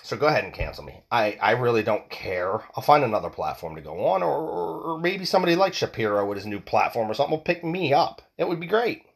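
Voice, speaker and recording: A man rants alone on his podcast, cursing freely and tripping over repeated words as he presses his points. His voice swings widely in pitch, leaping high for emphasis and dropping low again. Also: big pitch swings, quick pace, gravelly, hardly any pauses. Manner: profane, heated, repeats words and stumbles. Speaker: podcast host. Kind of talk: solo podcast rant.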